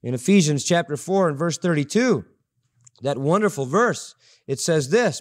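A man with a notably high voice delivers a sermon from the pulpit. He preaches emphatically, driving points home by repeating short phrases. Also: animated, moderate pace. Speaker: pastor. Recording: audio-only sermon recording.

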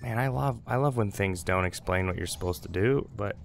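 Young man, let's play host, low gravelly voice, rambling jokey gameplay talk. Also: fairly quick, soft background music. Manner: rambling, jokey, talks to the game. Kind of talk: casual gameplay commentary.

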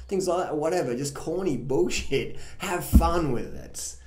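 A man giving casual, blunt and profane advice, telling animated stories about his own past. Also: a little high, brisk. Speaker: vlogger. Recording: roomy echo.

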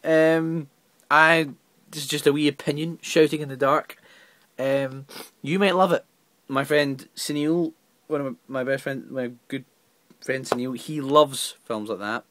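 A man's voice: a little high, steady tone, unhurried, fairly bright tone, no room sound. A man giving an exasperated, rambling film review full of stammered restarts. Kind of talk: casual video review.

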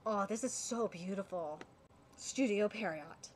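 Woman doing an anime reaction stream, super excitable fangirl, lots of ums, faint hiss behind. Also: mid-range voice, moderate pace. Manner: excitable fan gushing, many fillers and restarts. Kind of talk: live reaction commentary.

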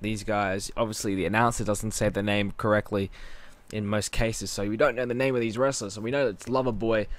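A man's voice: lowish voice, steady tone, brisk, few pauses. A man giving casual, rambling commentary while playing a wrestling video game, often interrupting himself. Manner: rambling, chatty, self-interrupting. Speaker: gaming channel host.

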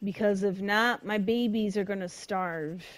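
A young woman giving emotional, dramatic let's-play commentary in casual slang, reacting loudly to what happens in the game. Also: mid-range voice, unhurried, no echo. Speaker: gamer.

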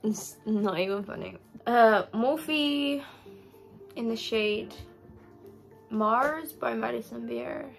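A young woman talks her way through a makeup session while clearly drunk. Her voice sits a little high and wanders in a loose, rambling way, full of casual swearing. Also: takes it slowly, soft background music. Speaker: vlogger.

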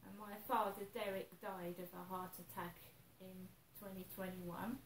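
A woman's voice: a little high, a bit bright. A woman vlogging in a worried, hesitant way, often repeating herself. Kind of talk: anxious personal vlog. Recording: echoey room, voice a bit far from mic, faint noise.

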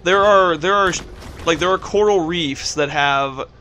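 A man's voice: on the high side, unhurried, a little hiss or hum. A young man co-hosting a let's play, joking around and laughing while he plays. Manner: joking, loud bursts of laughter and shouting at the game. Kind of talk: casual gaming chat.

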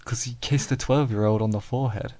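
A man's voice: mid-range voice, fairly even intonation, fast talker, mellow. A young man, co-hosting an anime review chat in a joking, banter-filled way. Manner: joking, banters and acts out characters' lines. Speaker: anime review podcast co-host. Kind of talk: casual chat.

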